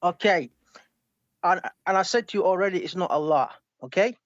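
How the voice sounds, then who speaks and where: A man's voice: sits high, no room sound. Hesitant man on a dull dry call line. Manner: hesitant, restarts often, asks to slow down. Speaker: caller in a debate. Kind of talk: live online debate.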